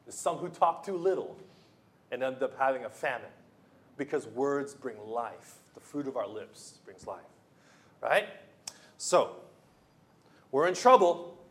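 A man's voice: mid-range voice, expressive, a little slow, pauses often, a bit bright. A man preaching a sermon as pastor, talking in a loose, conversational way with restarts and playful asides.

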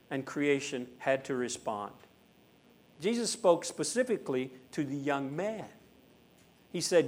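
A man delivering a sermon in a slightly higher voice than most men. He talks with the congregation more than at them, tossing in tag questions. He lingers on the big lines and says them again slowly. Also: lively intonation. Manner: conversational preaching with tag questions, slow emphatic repetition. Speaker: preacher.

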